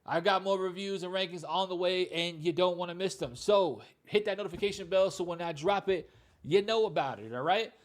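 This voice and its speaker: Man, higher-pitched voice, casual movie review, chatty, blunt, lots of filler words. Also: fairly quick. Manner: loose and conversational, full of "you know" and "like"; candid, blunt opinions.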